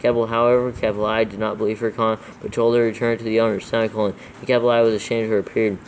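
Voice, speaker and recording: Man, low voice, monotone, quick reading, dictates punctuation aloud. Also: slight background noise, low-quality recording. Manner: flat, steady reading that spells out punctuation and letters. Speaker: scripture reader in a proofreading session.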